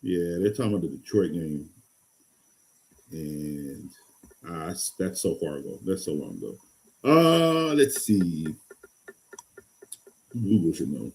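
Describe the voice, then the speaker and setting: A man hosting a live fantasy football stream, excitable and rambling, going from loud hype to low mutters. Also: slow, pauses often. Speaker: fantasy football show host. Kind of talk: casual live-stream talk.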